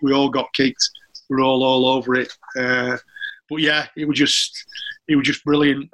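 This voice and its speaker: A man's voice: mid-range voice, bright, forceful tone, poor audio. A middle-aged man with a Yorkshire accent, a former footballer chatting as a guest, telling stories with frequent laughs and restarts. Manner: chatty storyteller, laughs often, restarts sentences. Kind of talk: casual anecdotal chat.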